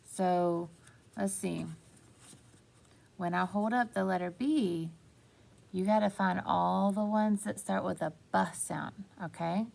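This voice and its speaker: A woman teaching young children a phonics lesson, slow and encouraging, stretching out words. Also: mid-range voice, creaky, darkish tone.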